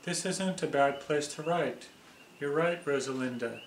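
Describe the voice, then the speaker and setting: A man's voice: a little high, unhurried, a little hiss or hum. Man reading a playful quirky man, easygoing, echoey room. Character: quirky man writing and eating ice cream.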